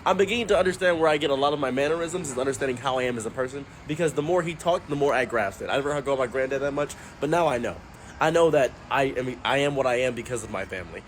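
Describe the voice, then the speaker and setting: Guy telling a goofy story about his granddad, animated, bit of street noise behind. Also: mid-range voice, racing. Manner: animated, puts on voices for quotes. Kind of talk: comedic storytelling.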